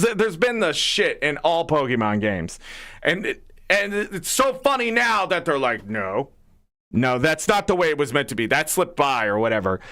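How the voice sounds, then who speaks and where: A man's voice: sits high, sharp tone. A man hosting a gaming livestream, ranting heatedly with lots of swearing and rhetorical questions. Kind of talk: casual livestream rant.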